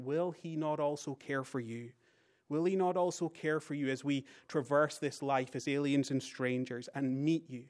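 A British man delivering a Sunday sermon, earnest and deliberate. His voice sits at an ordinary pitch, climbing for emphasis and falling away to a hush at the close of a thought, with key lines said twice. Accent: British English. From Britain. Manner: rises for emphasis, drops very quiet at phrase ends. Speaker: preacher.

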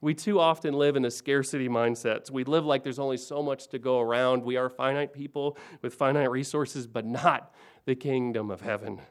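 A man in his forties preaching a sermon, swinging between hushed and emphatic lines and building on repeated phrases. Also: medium pitch, steady tone, moderate pace, clean tone. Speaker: pastor.

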